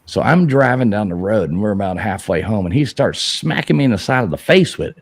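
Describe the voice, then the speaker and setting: A man with a low, deep voice and a lively pitch that swings up when he shouts quoted lines. He tells a rambling, profane story on a live show and laughs as he goes. The sound is close and dry. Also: brisk, slightly rough, no room sound. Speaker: show host telling a story. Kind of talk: casual live-stream storytelling.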